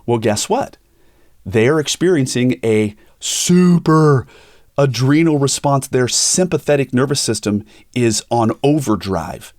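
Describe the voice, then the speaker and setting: A man's voice: medium pitch, a little slow, no room sound, studio quality. A middle-aged man, a pastor hosting a podcast, telling personal stories in candid conversation and acting out the people he quotes. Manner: animated storytelling, acts out quoted voices.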